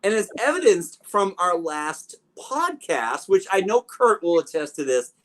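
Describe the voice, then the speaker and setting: A man's voice: high voice, sing-song, a little slow, a bit bright, slight background noise. A man co-hosting a movie podcast in casual chat, rambling and joking through long asides. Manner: rambling, jokey, trails into asides. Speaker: podcast co-host.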